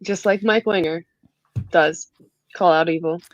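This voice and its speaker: A woman guest on a live stream who teases with light sarcasm. Her voice sits a little low, and the call audio sounds dull and lo-fi. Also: steady tone, unhurried, dry recording. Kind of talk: casual chat.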